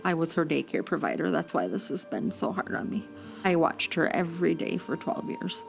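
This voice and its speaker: A woman's voice: low-pitched, expressive, normal speed, creaky, over music. A woman relative speaking in a heartfelt, emphatic interview. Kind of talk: emotional interview.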